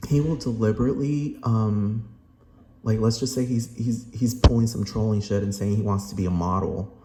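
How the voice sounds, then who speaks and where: A man rants with heavy profanity, circling back and repeating himself for emphasis. His voice sits on the lower side, and the recording has a roomy echo with a faint steady hum underneath. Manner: emphatic, rambling, repetitive. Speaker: vlogger. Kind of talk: profane rant.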